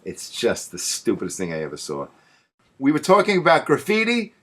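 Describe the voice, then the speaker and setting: Animated storytelling male host. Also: medium pitch, moderate pace, slightly rough. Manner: animated, laughs at his own stories. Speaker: show host. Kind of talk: casual comedic storytelling.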